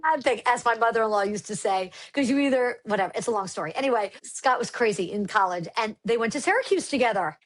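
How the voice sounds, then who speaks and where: A middle-aged woman, a brand founder, telling lively stories as a guest on a casual podcast and acting out quotes. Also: a little high, fast, few pauses. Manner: animated storyteller acting out quotes.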